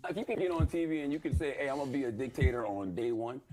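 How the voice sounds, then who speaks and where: A man on a political panel, speaking in a measured, hedging way with frequent fillers. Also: medium pitch, lively intonation, a little mellow, faint music behind. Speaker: panel commentator.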